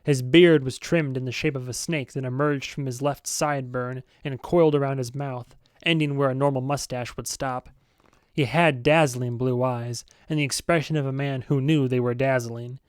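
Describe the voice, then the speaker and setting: A man narrating a novel as an amateur audiobook reader, steady and with self-aware asides. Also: mid-range voice, moderate pace, smooth, no room sound, clean studio sound.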